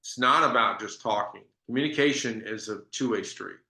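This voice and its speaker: Bright-voiced man telling sales stories. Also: lowish voice, normal speed, vocal fry, reverberant. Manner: conversational storytelling with restarts. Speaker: sales trainer. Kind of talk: business training talk.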